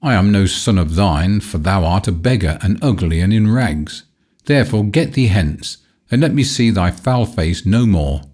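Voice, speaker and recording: A man's voice: deep voice, expressive, normal speed, darkish tone. A man voicing a proud, cruel boy who speaks in hard, scornful archaic phrases in a storybook reading.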